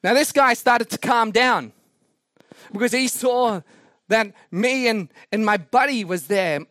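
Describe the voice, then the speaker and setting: A male preacher telling a sermon anecdote in an animated, self-mocking way. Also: very high-pitched, measured pace, dry recording, studio quality. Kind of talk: sermon storytelling.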